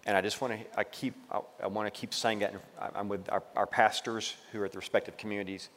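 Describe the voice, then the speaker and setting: Pastor guy, kinda low voice, cheering his co-host on and preaching a bit, echoey room. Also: fairly even intonation, fast. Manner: encouraging, preachy asides, warm emphasis. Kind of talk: casual ministry talk on marriage.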